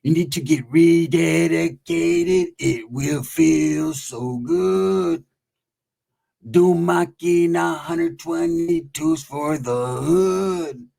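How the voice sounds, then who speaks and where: A man voicing an older gang veteran who talks slow, low and pompous. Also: gravelly, mellow, soft background music, exaggerated voice. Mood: drawling.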